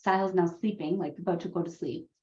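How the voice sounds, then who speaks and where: A woman's voice: on the low side, fast talker. A woman leading a coparenting course, telling a story about her sons and acting out their voices. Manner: animated, acts out her kids' voices with laughs. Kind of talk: storytelling to a class. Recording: roomy, dull lo-fi sound.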